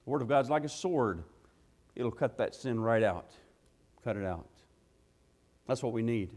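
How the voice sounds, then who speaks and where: A man's voice: mid-range voice, expressive, unhurried, darkish tone. A man preaching an evening church sermon in a folksy, emphatic way, firing off rhetorical questions and punctuating his points with "hey.". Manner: folksy, drops into "gotta" and "ain't". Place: church sanctuary. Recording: long reverb of a church hall.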